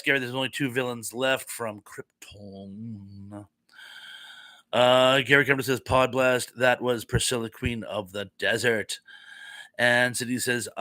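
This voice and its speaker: A man runs a relaxed live stream, reading out viewer comments and chatting back in a bright, forward voice. He sounds a little flustered now and then. The sound is dry and close to the microphone. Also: medium pitch, dry recording. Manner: chatty, reads comments aloud, easily flustered.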